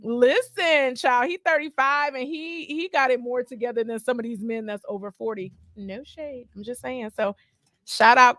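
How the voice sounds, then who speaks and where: A woman's voice: on the high side, moderate pace, fairly bright tone, no room sound. A woman hosting a radio show, sassy and teasing in casual studio chat.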